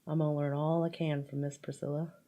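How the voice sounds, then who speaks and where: Woman doing her makeup on camera, rambly and giggly, kinda low voice. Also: little pitch movement, fairly quick, warm tone, highs cut off. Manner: rambling, giggly, lots of fillers and playful asides. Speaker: makeup vlogger. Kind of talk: casual chatty makeup tutorial.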